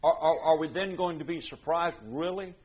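A man's voice: fairly high pitch, moderate pace, slightly rough. A man preaching a conversational sermon, earnest, often repeating words and voicing imagined parents.

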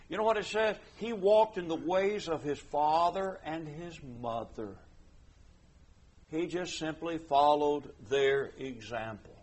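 Husky-voiced man preaching conversationally. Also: fairly high pitch. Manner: earnest, repeats words, voices imagined parents. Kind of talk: conversational sermon.

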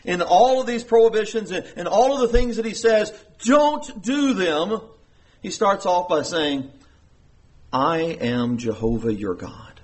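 A man's voice: a little high, a little mellow. A middle-aged pastor preaching an earnest sermon, with emphatic rises in his voice.

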